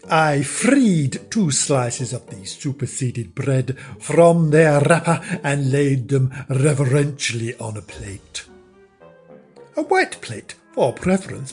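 Lively, unhurried man spinning a comic tale. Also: a little high, faint music behind. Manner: wry, theatrical, mock-indignant. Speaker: podcast host. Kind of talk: comic storytelling narration.

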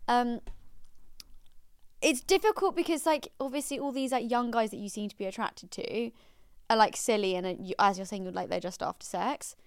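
A woman's voice: on the high side, normal speed, clear, resonant tone, no echo, clean studio sound. A young woman co-hosting a podcast, chatting casually and reading out listener letters in a gushing, laugh-prone way. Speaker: podcast co-host.

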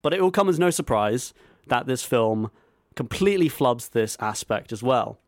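A man's voice: mid-range voice, animated, moderate pace, no echo, clean studio sound. A man co-hosting a podcast, reviewing a film remake in loose, rambling casual chat. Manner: rambling, loose, swears, laughs while telling. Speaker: podcast co-host.

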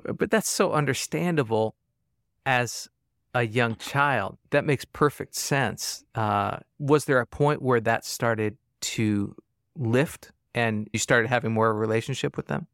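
A man's voice: mid-range voice, a little slow, fairly bright tone, no echo, clean studio sound. Attentive male interview host. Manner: attentive, asks questions and reacts with short affirmations. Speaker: podcast host. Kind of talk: casual interview.

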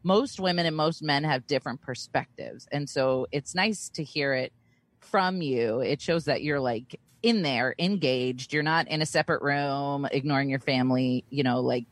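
Low-voiced self-conscious woman chatting. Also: normal speed, dry recording. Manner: self-conscious, rambling, laughs easily. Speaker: guest co-host. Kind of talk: casual podcast chat.

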